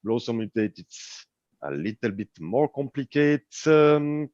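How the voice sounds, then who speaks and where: A man's voice: mid-range voice, expressive, a little slow, darkish tone, no room sound, lo-fi sound. A man with a French accent giving a project update in an online community meeting, hesitant and searching for words. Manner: hesitant, many fillers and restarts, searching for words.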